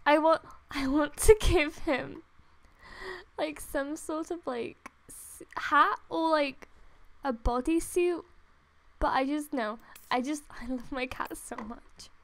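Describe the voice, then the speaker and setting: A young woman doing excited gameplay commentary, gasping, laughing and gushing near tears into a desktop microphone at home. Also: high voice, slow. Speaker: gaming vlogger. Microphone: desktop USB microphone.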